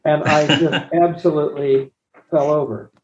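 A man's voice: fairly high pitch, steady tone, normal speed, muffled recording, a little hiss or hum. A man speaking as the guest of an interview, telling stories with chuckles and restarts. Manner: storytelling, chuckling, trailing restarts. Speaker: guest puppeteer. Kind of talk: casual interview chat.

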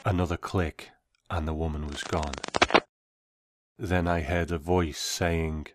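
A man reading a first-person story aloud in a measured, reflective way. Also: low voice, a little mellow.

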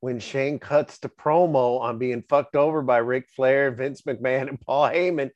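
A male host talks casually and asks his guest pointed questions, laughing along. The sound is dull and lo-fi with no room echo. His voice sits at an average pitch. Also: steady tone, measured pace. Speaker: podcast host, wrestling fan. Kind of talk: casual podcast chat.

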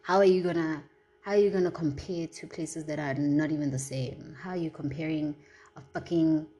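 A young woman with a South African accent rants on her vlog, fired up and swearing freely as she flips between English and isiZulu. Her voice sits low and has a husky grain to it. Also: fairly even intonation, moderate pace, dark tone, rough recording. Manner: heated, profane, mixes English and isiZulu. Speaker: vlogger. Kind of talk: casual vlog rant.

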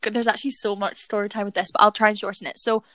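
Very fast and flat in delivery, her mid-range voice is fairly bright, with no room sound in the recording. The young podcast co-host shares a personal story in giggly, casual storytelling, often speaking straight to listeners.

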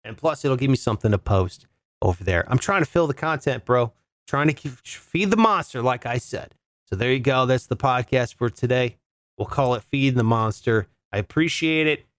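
Laid-back male podcast host, cussing and saying dude, animated delivery. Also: mid-range voice, normal speed, no room sound, studio quality. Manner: laid-back, swears freely, says dude and bro. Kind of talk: casual solo podcast chat.

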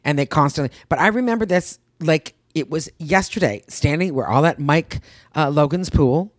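A woman in casual podcast chat, telling animated stories in a rapid, heated way and swearing freely. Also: sits low, no room sound, clean studio sound. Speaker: podcast co-host.

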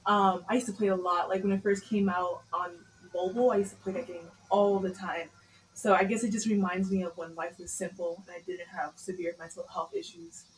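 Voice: medium pitch, little pitch movement, brisk, a little hiss or hum, low-quality recording. A podcast guest speaking in casual interview chat, self-deprecating and dotted with "um" fillers. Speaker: podcast guest, game developer.

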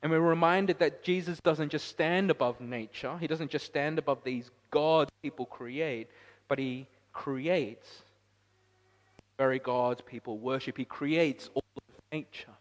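Male pastor, fairly high voice, sermon delivery in a reverberant church hall, swings between forceful emphasis and hushed asides. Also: measured pace. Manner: rises to loud emphatic peaks, then drops quiet.

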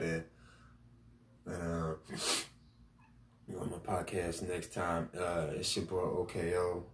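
Male podcast host, deep voice, emotional and repetitive storyteller, roomy distant recording. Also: slight background noise. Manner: halting, emotional, repeats "literally" and restarts. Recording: roomy echo, mic at a distance, faint ambience.

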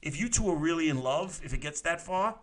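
A man's voice: on the high side, expressive, fairly quick. A man hosting a crude comic call-in chat, rambling and profane, often laughing at his own jokes. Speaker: host of a live advice stream.

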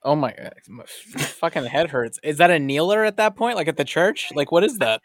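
A man's voice: on the high side, lively intonation, brisk. A man co-hosting a casual podcast, answering with dry jokes. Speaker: podcast co-host.

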